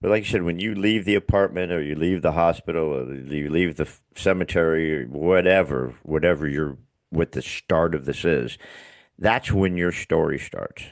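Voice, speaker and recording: A man hosting a podcast, chatting casually in a blunt, profane, animated way. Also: a bass voice, moderate pace, no room sound. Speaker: podcast host. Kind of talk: casual interview chat.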